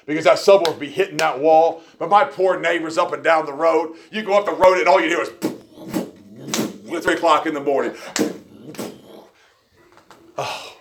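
A man preaching a sermon, telling stories with folksy, joking asides and swinging between quiet remarks and loud emphasis. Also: on the high side, normal speed, background noise.

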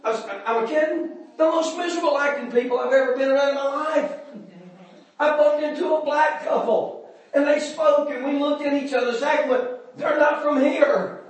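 A man preaching a sermon in a church, folksy and chuckling, climbing into shouts. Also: very high voice, fairly even intonation, moderate pace. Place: church sanctuary. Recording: echoey room.

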